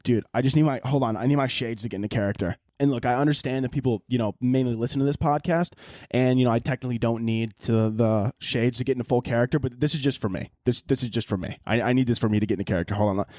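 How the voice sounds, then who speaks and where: A young man hosting a podcast, telling comedic stories in an animated, profane, mocking way. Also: mid-range voice, fast, dry recording, clean studio sound. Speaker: podcast host. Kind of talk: comedic storytelling monologue.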